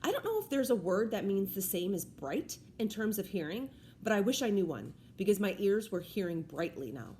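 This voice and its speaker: A woman reads a first-person story aloud with an animated, swooping delivery. Her narration is expressive and clear, with a faint hum of room ambience behind it. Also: mid-range voice, moderate pace, few pauses. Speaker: reader. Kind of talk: audiobook read-aloud.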